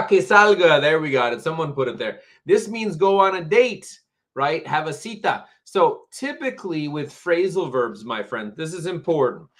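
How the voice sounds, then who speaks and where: A man teaching English phrasal verbs on a live stream, patient and slow, repeating words for learners. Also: a little high, fairly bright tone. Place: home, Tampa area.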